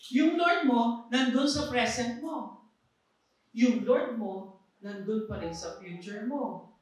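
A woman's voice: a little high, slow pace. Filipino woman preaching in an echoing hall. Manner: emphatic, repeats phrases, mixes in English. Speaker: pastor. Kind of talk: sermon. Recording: echoey hall, voice far from mic.

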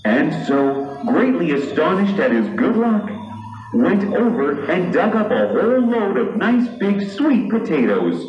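A man narrating a story with steady, measured narration. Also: high-pitched. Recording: roomy hall from far off, muffled, music behind.

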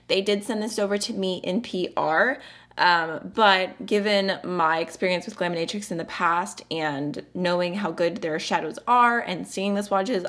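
A young adult woman hosting a casual makeup review, chatty and bubbly, laughing often as she talks. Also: on the low side. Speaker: beauty vlogger.

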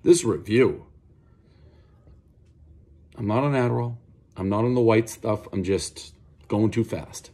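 A man's voice: lowish voice, takes it slowly, pauses often. A man giving a casual, rambling and profane pizza review, telling stories as he eats. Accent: Boston. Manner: rambling, profane, animated storytelling.

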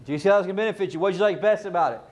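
Guy running a sales training in front of a room, fairly high voice, punchy, keeps quizzing people. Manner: energetic, quizzes the audience, rapid questions. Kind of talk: live sales training talk. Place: training room with a live audience.

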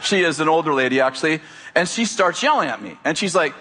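A man's voice: fairly high pitch, animated, fast, sharp tone, slight background noise. A middle-aged male pastor preaching to a congregation in a conversational, joking manner. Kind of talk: sermon. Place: church before a congregation.

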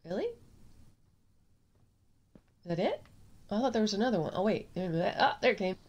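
A woman's voice: medium pitch, sing-song, moderate pace, a little mellow, muffled recording. A woman with a stuffy nose hosting a gaming video, chatting casually and rambling through her play. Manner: chatty, rambling, sing-song repetitions. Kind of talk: casual gameplay commentary. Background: faint clinking of dishes.

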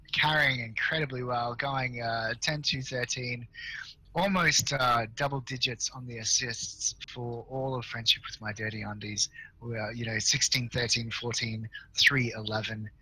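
Hoarse, excitable male esports caster. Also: mid-range voice, rough recording. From Australia or New Zealand. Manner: excitable, fast, rambling with fillers. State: voice going hoarse, tired. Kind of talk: play-by-play game commentary.

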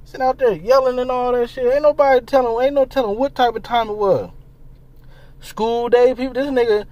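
A man ranting in casual commentary, animated and profane, firing off rhetorical questions. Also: very high voice. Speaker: commentary vlogger.

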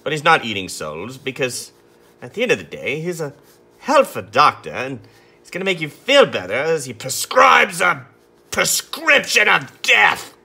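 Sketching as he talks, this artist runs through a drawing lesson in a chatty, self-amused way. His fairly high voice is very animated at a moderate pace, gravelly, pushed and bright with a breathy edge.

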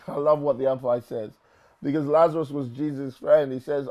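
The recording has a lo-fi sound, with a man speaking at a moderate pace in a steady tone. He's a London pastor preaching dramatically, acting out quoted voices through swings in pitch and volume and frequently repeating words.

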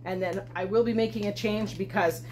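A woman talks casually while she cooks in her home kitchen, chatty and quick to poke fun at herself. Her pitch sits in the middle, and a faint hum runs under her voice. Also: steady tone, darkish tone. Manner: chatty and self-deprecating, talking while cooking. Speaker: homesteading channel host. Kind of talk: casual cooking demonstration.

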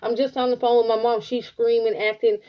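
A woman giving a casual tarot reading, blunt and profane, telling it like an animated story. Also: fairly high pitch, brisk, lo-fi sound. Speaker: tarot reader.

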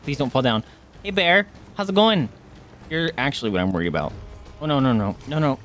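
A woman's voice: very deep voice, animated, a little fast, soft background music. A woman live-streaming a video game, swearing, yelping and chattering to herself and her chat as enemies attack. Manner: swears, yelps and shrieks at enemies, talks to chat. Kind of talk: live gameplay commentary.

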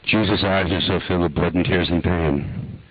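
Very deep husky older man preaching. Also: phone-quality sound. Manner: slow, intimate, earnest guided prayer. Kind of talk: sermon with guided prayer meditation.

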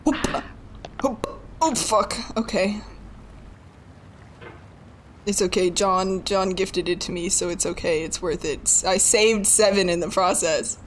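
A woman's voice: medium pitch, slow pace, pauses often, a little hiss or hum. A young woman in her twenties streaming a game live. She pleads, swears and mocks herself as she keeps failing. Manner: frustrated, pleading and swearing under her breath; self-mocking with bursts of laughter. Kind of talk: live gaming commentary.

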